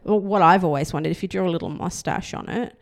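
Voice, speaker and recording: Gravelly-voiced woman, blunt and sweary. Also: on the low side, fast. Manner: laughing, animated, blunt and sweary. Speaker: podcast host and adult performer. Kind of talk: casual chat.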